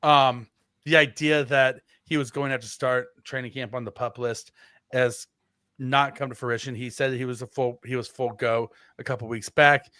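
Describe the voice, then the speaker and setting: A man's voice: medium pitch, fairly even intonation, normal speed, bright, forceful tone, no echo, studio quality. A man co-hosting a casual sports podcast, rambling with lots of fillers and restarts. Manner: rambling, filler-heavy, self-correcting. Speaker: podcast co-host.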